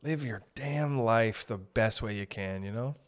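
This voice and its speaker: Rambling, profane young podcast host. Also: male voice, lowish voice, measured pace. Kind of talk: casual comedic monologue.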